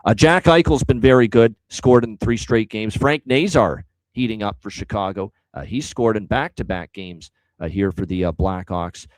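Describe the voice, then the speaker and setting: Low-voiced emphatic betting show host. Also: male voice, normal speed, no echo, rough recording. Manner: emphatic, talks picks through at length. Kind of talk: casual sports betting analysis.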